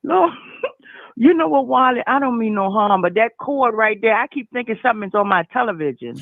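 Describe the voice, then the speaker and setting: A woman's voice: a little high, expressive, fairly quick, no echo. A woman in her sixties calling in to a show, folksy and effusive, laughing often as she chats. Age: 60s. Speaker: caller. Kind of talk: casual call-in chat. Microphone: phone. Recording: tinny dry phone line.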